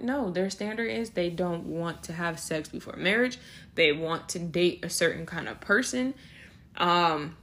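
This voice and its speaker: Animated young woman podcast host. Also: fairly low pitch. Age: young adult. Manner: animated, slips into acted voices for quotes; laughs between phrases. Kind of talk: casual faith-based podcast monologue.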